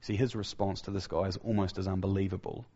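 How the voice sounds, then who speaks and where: In this sermon, a man with a husky voice speaks fast and emphatically with little pitch movement, repeating key phrases and restarting sentences often. He goes soft and low for key points, and the sound is lo-fi.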